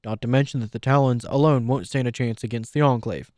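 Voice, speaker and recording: A man's voice: mid-range voice, steady tone, fast, a little mellow, no echo, clean studio sound, natural voice. A man playing a cautious griffin soldier. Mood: urgent. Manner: cautious, reasoning. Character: level-headed male griffin soldier.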